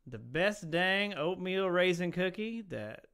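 A man's voice: high-pitched, lively intonation, slow, noisy background, heavily acted. A man playing a blustering, self-serving billionaire businessman, in an online improv comedy show. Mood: boastful. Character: boastful, shifty billionaire businessman. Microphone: computer mic on a video call.

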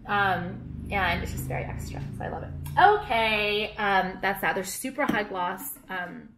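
A woman's voice: medium pitch, expressive, a little slow, a bit bright, slight background noise. Brash, swearing young woman vlogger. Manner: brash, rambling, heavy swearing and filler words. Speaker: vlogger and small business owner. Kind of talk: casual haul vlog. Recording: echoey room.

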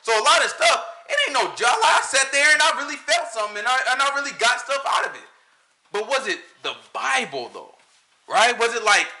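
A man giving a casual, animated sermon to a small group, slipping into impressions of other pastors. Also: high-pitched. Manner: animated, talks to the room, mimics pastors. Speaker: preacher.

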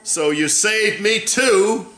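A male pastor preaching a sermon in a church, with drawn-out, emphatic phrasing that rises into shouted, chanting passages. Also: high voice. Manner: rising to shouted, chanting preaching with a call-and-response rhythm. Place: church sanctuary. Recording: echoey church room.

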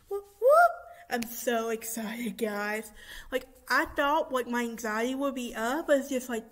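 A young woman in her twenties talking casually and excitedly to her viewers, with many fillers, recording in a church room. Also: sits high. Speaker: vlogger. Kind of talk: casual vlog chat.

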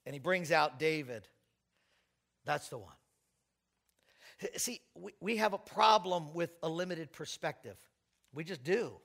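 A middle-aged man preaching a sermon in a church, telling stories and swinging from quiet asides to shouted praise. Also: on the high side, expressive, a little slow, gravelly, long pauses. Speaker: pastor.

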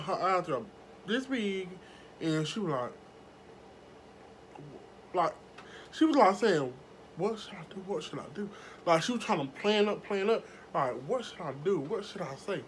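A woman vlogger telling a story to her viewers in a casual, animated way, swearing freely. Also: lowish voice, a little hiss or hum. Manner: animated, profane, talks straight to viewers.

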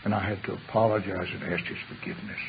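Brief: male preacher, gravelly voice, reads verses then talks them through plainly, tinny lo-fi recording with faint hiss. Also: sits low, little pitch movement, fast. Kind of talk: sermon with scripture reading. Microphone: pulpit microphone.

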